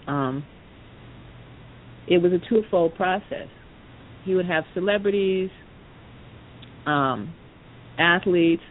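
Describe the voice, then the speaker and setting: Over a tinny phone line with a faint rumble, a podcast speaker tells a story casually and ramblingly, dropping in plenty of "you know" asides.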